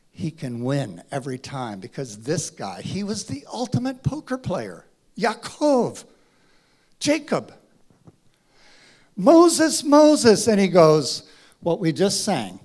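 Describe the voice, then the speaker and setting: Animated man preaching, slow and dramatic. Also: on the high side, slightly rough. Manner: dramatic, acts out voices, swings from hushed to shouting. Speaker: pastor. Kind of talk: sermon.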